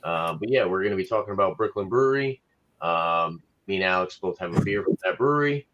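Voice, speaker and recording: Deep-voiced man on a distant, dull mic. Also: expressive, fairly quick, fairly bright tone. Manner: low-key, hesitant with fillers. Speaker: stream guest. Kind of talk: casual livestream chat.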